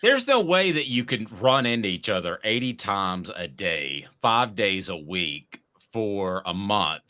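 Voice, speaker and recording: A man's voice: lowish voice, big pitch swings, a little slow, sharp tone. A man hosting a sports talk show, giving his opinions and reading listener comments aloud.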